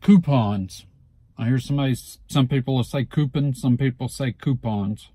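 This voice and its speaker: A man with a Southeast Alabama accent, casually reading a word list for his vlog and repeating each word slowly and deliberately. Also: mid-range voice, mellow, dry recording. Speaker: vlogger.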